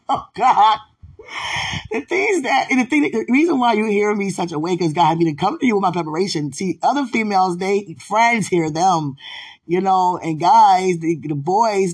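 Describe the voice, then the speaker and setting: A woman's voice: mid-range voice, lively intonation, moderate pace, slightly rough. A woman in an intimate, casual call with her partner, affectionate and laughing often as she talks about faith.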